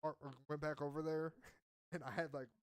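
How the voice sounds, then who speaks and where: A man's voice: fairly high pitch, level tone, moderate pace, clear, resonant tone, dry recording. A man in casual chat who tells a rambling story and acts out what people said. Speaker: podcast host.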